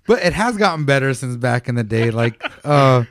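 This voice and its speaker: A man's voice: mid-range voice, animated, moderate pace, fairly bright tone, no echo. A man co-hosting a podcast, rambling loosely with lots of fillers and laughs. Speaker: podcast co-host. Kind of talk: casual chat.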